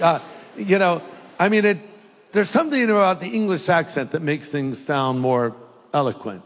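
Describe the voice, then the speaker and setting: A man's voice: on the high side, animated, moderate pace. A man preaching a sermon as pastor, joking and storytelling, recorded in a large hall.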